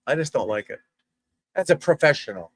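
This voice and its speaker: A man's voice: mid-range voice, big pitch swings, fairly quick, husky. Blunt, chatty male golf coach. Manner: blunt, profane, chatty, addresses viewers as folks and guys. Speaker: golf instructor hosting a livestream. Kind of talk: casual livestream commentary.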